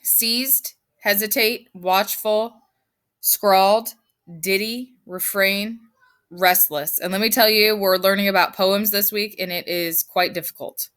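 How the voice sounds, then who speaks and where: A woman's voice: medium pitch, steady tone, takes it slowly, fairly bright tone. A woman teaching her fifth grade class in a recorded lesson, firm and emphatic as she explains step by step.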